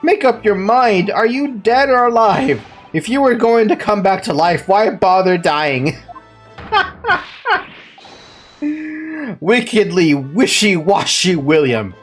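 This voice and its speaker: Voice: medium pitch, big pitch swings, slow, long pauses, faint music behind. A let's-player voicing a melodramatic, anxious young male student who wails theatrically. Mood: dramatic. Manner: theatrical wailing. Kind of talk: reading game dialogue aloud.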